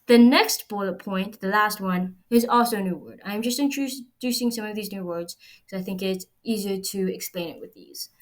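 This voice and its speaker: A woman's voice: mid-range voice, moderate pace. A woman explaining a recorded language lesson patiently, step by step. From United States. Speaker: Chinese language teacher.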